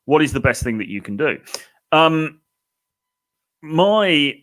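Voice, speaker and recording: A man coaching on dating in a relaxed, chatty way, full of "you know" and "okay?" asides. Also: on the high side, slow pace. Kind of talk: casual advice talk to camera.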